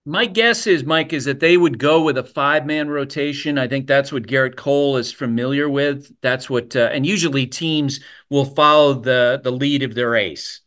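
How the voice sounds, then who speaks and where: A man's voice: medium pitch, moderate pace, hardly any pauses, fairly bright tone. A man hosting a baseball podcast, talking casually and thinking aloud as he answers listener questions. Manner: conversational, thinks aloud with fillers. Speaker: podcast host.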